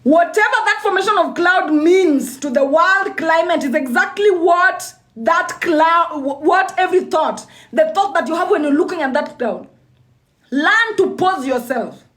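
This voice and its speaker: A woman's voice: very high voice, unhurried, fairly bright tone. A young woman giving a motivational talk on a livestream, repeating lines for emphasis and often restarting her sentences. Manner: repetitive and emphatic, with frequent restarts. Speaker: motivational speaker.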